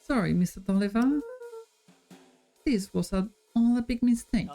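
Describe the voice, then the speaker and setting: A woman's voice: fairly high pitch, a little slow, warm tone, soft background music. A woman voicing a flustered older man with folksy, apologetic bluster.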